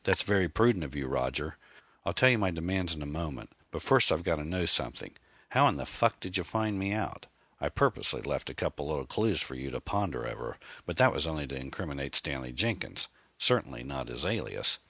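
A man's voice: extremely low pitch, sing-song, brisk, a bit bright, breathy edge, no echo, clean studio sound, exaggerated voice. A man reading a novel aloud, voicing a cornered male killer who taunts and curses. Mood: menacing.

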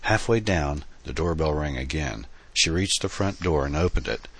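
A man reading an audiobook in a steady, earnest storytelling manner. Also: a bass voice, normal speed, husky. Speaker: narrator. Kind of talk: audiobook narration.

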